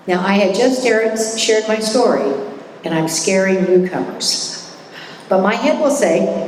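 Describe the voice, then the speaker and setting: A woman's voice: mid-range voice, expressive, unhurried, a little mellow, distant mic, slight background noise. A middle-aged woman speaking at a recovery meeting, candid and self-mocking, chatty with frequent restarts. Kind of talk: personal recovery talk. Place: meeting hall. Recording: echoey hall recording from afar.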